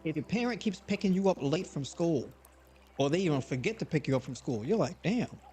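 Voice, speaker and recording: Animated man giving a motivational talk. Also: a little high, brisk, soft background music. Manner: conversational, repeats words, rising to animated bursts. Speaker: live show host.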